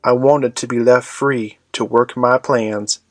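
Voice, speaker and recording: A man narrating an audiobook in a measured storytelling manner. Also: mid-range voice, fairly even intonation, no room sound, soft background music.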